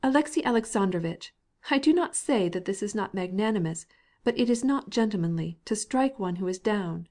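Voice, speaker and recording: A woman voicing a desperate, ashamed young wife who pleads in a low, tearful voice. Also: lively intonation, brisk, a little mellow, natural voice. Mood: bitter.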